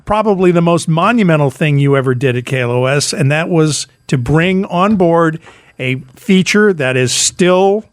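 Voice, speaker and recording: A man interviews a guest in an eager, chatty way, prompting him for stories. His voice sits a bit high and swings up and down a lot. The sound is close and dry. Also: lively intonation, normal speed, clear, resonant tone, no echo. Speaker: podcast interviewer. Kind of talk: casual interview.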